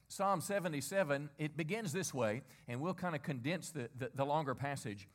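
A man's voice: a little high, expressive, moderate pace. Middle-aged male pastor preaching a sermon. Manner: call-and-response preaching, asks the congregation to repeat lines; conversational with repeated rhetorical questions.

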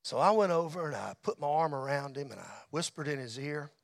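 A middle-aged man telling a testimony story in a church, folksy, dropping to a hush and rising to shouts. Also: a little high, expressive, brisk, vocal fry, no room sound, studio quality. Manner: folksy storyteller, drops to a hush at tender moments, rises to shouts. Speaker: motorcycle ministry speaker. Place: church hall.

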